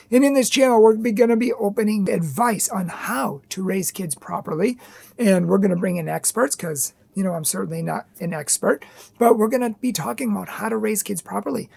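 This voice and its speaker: A woman's voice: medium pitch, animated, moderate pace, vocal fry, darkish tone, breathy edge. A woman hosting a video on parenting and faith, talking earnestly and emphatically, often stacking short repeated phrases. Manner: earnest, emphatic, repetitive lists. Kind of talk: direct-to-camera advice monologue.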